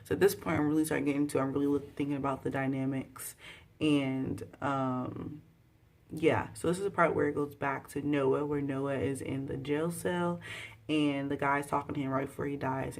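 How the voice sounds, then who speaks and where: A woman recapping a TV episode in a casual, slangy way, talking straight to her viewers and breaking into loud exclaiming at times. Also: extremely low pitch, vocal fry. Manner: chatty, slangy, addresses viewers directly. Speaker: TV episode reviewer.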